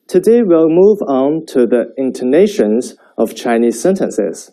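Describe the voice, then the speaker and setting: A man teaching a Chinese language lesson, speaking slowly and clearly so learners can repeat after him. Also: medium pitch, sing-song, warm tone, rough recording. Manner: slow, clear modeling of sentences for repetition.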